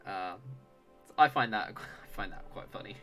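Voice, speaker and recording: A young man with a mild Australian accent chats casually, laid-back and quick to chuckle. His voice is bright and forceful, with faint music playing underneath. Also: fairly low pitch, expressive. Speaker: co-host. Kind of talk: casual chat.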